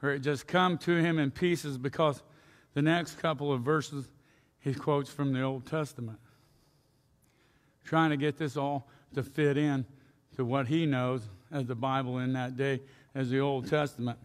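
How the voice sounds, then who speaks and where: A man's voice: medium pitch, steady tone, measured pace, long reverb tail. A man preaching a sermon in a folksy storytelling way, asking his congregation questions, in a church sanctuary. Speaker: pastor.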